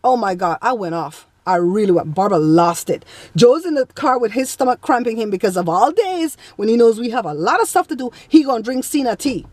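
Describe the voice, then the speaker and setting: Blunt animated woman vlogger. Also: a little high, a little fast, no echo. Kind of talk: casual storytelling.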